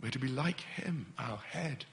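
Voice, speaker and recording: Bright-voiced animated preacher man. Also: mid-range voice, a little slow, vocal fry. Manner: animated, acts out impatient voices. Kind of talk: sermon.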